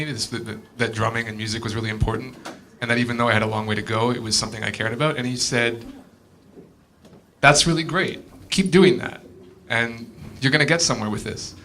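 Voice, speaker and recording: A man's voice: medium pitch, fast talker, few pauses, bright, forceful tone, a little hiss or hum. A man speaking a hesitant, heartfelt memorial tribute in a club hall. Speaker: musician giving a tribute.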